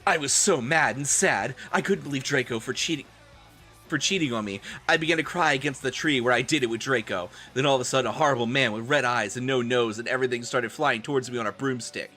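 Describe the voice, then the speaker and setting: A man's voice: mid-range voice, fast, bright, forceful tone. A man streaming a comedic dramatic reading, breaking off into amused, laughing asides. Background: faint music.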